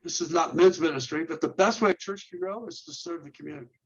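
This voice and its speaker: A man's voice: a little high, fast talker, breathy edge. Earnest man on a dull lo-fi recording. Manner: earnest, lists steps and rhetorical questions, repeats and restarts words. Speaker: guest, men's ministry leader. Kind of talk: instructional interview talk.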